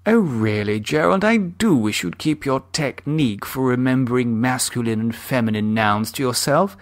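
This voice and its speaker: A man's voice: mid-range voice, lively intonation, normal speed, no room sound, studio quality, close to an everyday voice. A man doing a prim English wife. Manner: prim, mildly exasperated. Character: prim, dry-witted English wife in her fifties.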